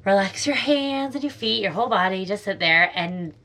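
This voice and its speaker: A woman's voice: medium pitch, expressive, moderate pace, bright, forceful tone. A woman talking as a birth educator on a casual podcast chat, playful and demonstrative. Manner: playful, demonstrates sounds and laughs.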